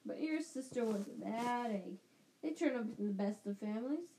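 A woman's voice: on the high side, lively intonation, warm tone, slight background noise, poor audio. Woman putting on a blustering, boozy older aunt. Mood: scornful. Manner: blustering, scornful, slow.

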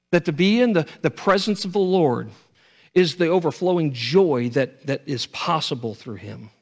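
A man's voice: fairly high pitch, creaky. A man preaching a sermon as pastor, earnest, often stumbling over and repeating his words.

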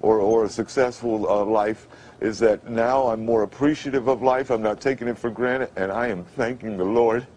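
A man answering questions in a TV interview, emotional and halting, with many stammered restarts. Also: fairly low pitch, steady tone, a little mellow, a little hiss or hum. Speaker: interview guest.

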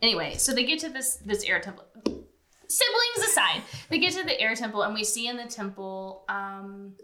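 Animated woman telling a story, laughing. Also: a little high, moderate pace, roomy sound. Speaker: podcast co-host. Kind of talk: casual chat.

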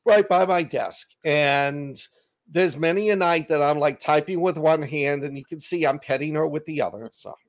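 A man's voice: a little high, normal speed. A man with a Boston accent, an author chatting as a guest on a video call and telling stories with jokes at his own expense. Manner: jokey storyteller, laughs at himself. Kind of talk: casual interview chat. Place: home desk on a video call.

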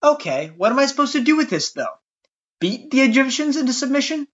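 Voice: high-pitched, big pitch swings, pitched above the performer's own voice. A podcast narrator voicing an anxious, doubtful old male prophet who protests and panics, on a dull lo-fi recording. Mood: skeptical. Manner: fretful, protesting, quick to panic. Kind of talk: storytelling podcast.

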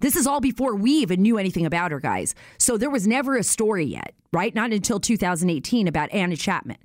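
A woman hosting a show, telling a story in a casual, animated way and acting out what others said. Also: medium pitch, fast talker, dry recording, studio quality. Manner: animated storyteller, acts out quoted voices. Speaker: host.

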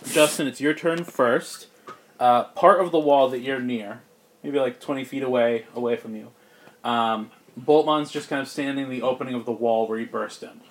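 A man's voice: mid-range voice, steady tone, normal speed, a little hiss or hum. A man narrating as game master in a tabletop game, loose and joking, with plenty of fillers.

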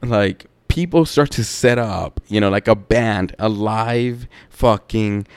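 A man hosts a podcast and tells a story in a loose, profane, laid-back way, slipping in laughing asides. His voice is smooth and clean, and his pace is unhurried. The sound is dry and close. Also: lowish voice, no echo. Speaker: podcast host. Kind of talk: casual storytelling.

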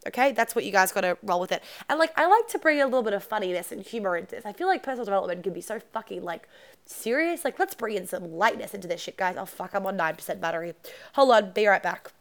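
A young adult woman hosting her podcast alone, chatting candidly, swearing freely and going off on quick asides. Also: mid-range voice, lively intonation. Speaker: podcast host and coach. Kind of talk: casual solo podcast chat.

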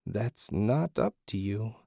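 A man voicing a calm disembodied female spirit who speaks quietly and slowly. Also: fairly low pitch, gravelly, dry recording, clean studio sound, full character voice.

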